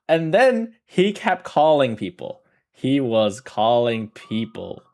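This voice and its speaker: Lively rambling male streamer. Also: mid-range voice, slow. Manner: rambling, self-correcting storyteller who laughs often. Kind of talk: casual livestream chat.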